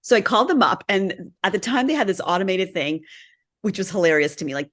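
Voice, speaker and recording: A woman who grew up speaking Gujarati, a guest on a podcast, telling stories in a lively way and acting out the voices she quotes. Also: medium pitch, quick pace. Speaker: guest, humanitarian photographer. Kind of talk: casual interview chat.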